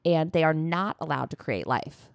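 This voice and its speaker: Animated woman retelling lore casually. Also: deep voice, moderate pace, vocal fry, no room sound. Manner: lively, jokey, casually profane. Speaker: podcast co-host. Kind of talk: casual storytelling chat.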